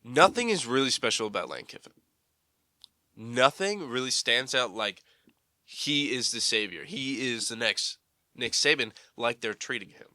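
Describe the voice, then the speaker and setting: A man co-hosting a casual sports podcast, animated and mocking as he argues his take. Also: medium pitch, measured pace, dry recording, studio quality. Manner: animated, mocking, builds to excited outbursts. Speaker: podcast co-host.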